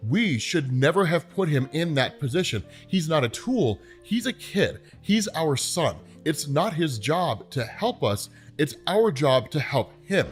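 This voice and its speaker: A man's voice: on the high side, big pitch swings, measured pace, few pauses, faint music behind. A man voicing a protective comic-book hero who defends his son, speaking firmly and earnestly.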